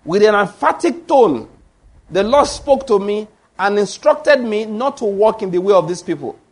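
A man's voice: sits high, animated, moderate pace. A man preaching a sermon, emphatic, repeating lines for stress and reading scripture aloud.

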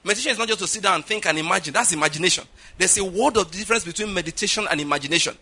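A man's voice: high-pitched, very fast, sharp tone, slightly rough. A middle-aged man preaching a sermon as pastor, emphatic and often checking with his listeners. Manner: emphatic, repeats "all right?" and "do you understand?" to the audience.

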